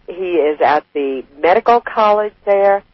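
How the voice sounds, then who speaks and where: A man's voice: sits high, expressive, unhurried, dry recording. Man hosting a talk show, lo-fi. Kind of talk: reading a guest introduction, then interviewing.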